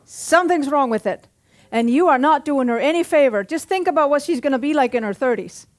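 A middle-aged woman pastor delivers a sermon in church with a high, animated voice that runs a little fast. She's punchy and joking, often asking the congregation for an amen.

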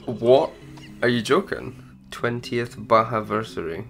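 Slow, laid-back lower-voiced man. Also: a bit bright, faint music behind. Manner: laid-back, laughs often, says "mate". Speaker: co-host playing a video game. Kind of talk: casual let's-play banter.

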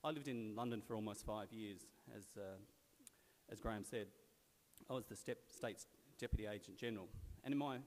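Australian man, forties, low-ish voice, wry storytelling speech, long hall reverb. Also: a little fast, a little mellow, slight background noise. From South Australia. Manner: conversational, wry storyteller with frequent fillers. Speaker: guest speaker at a club luncheon. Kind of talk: anecdotal after-dinner speech. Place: large event venue in a sports stadium.

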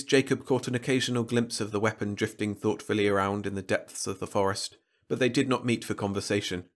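A man narrating a science-fiction story aloud in an even, measured storytelling voice. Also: on the low side. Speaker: audiobook narrator.

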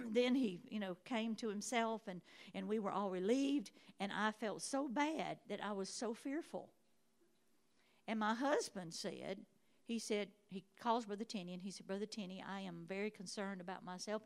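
A woman preaching a sermon in a church, emphatic and repeating her phrases. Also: mid-range voice. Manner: emphatic, repeating phrases, rising to shouts of praise.

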